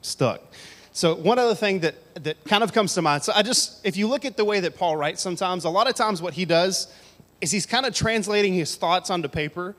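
A man's voice: sits high, fairly quick, fairly bright tone. A man preaching a casual, conversational sermon to a congregation on a handheld mic, with joking asides. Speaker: pastor. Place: church hall with audience. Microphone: handheld microphone. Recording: long hall reverb.

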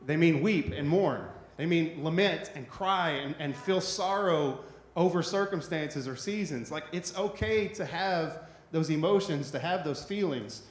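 High-voiced pastor in an echoey room. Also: male voice, measured pace. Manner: conversational, repetitive, asks "right?" often. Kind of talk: sermon.

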